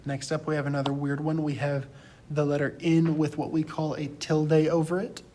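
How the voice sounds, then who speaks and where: Male teacher, young adult, mellow tone, patient repetitive lecture delivery into a computer mic. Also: a little high, level tone, slight background noise. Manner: slow, patient letter-by-letter drilling with repetition. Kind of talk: recorded class lecture.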